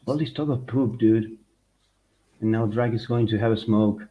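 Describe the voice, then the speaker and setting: Low-voiced teasing man, muffled audio. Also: normal speed. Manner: teasing, deadpan quips. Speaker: stream co-host. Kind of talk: casual group chat on a live stream. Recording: dull lo-fi audio with faint noise.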